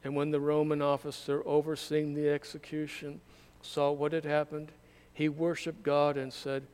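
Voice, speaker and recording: A man reading scripture aloud at a candle service, in a measured, solemn way. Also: a little high, completely flat delivery, darkish tone, clean tone. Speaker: scripture reader.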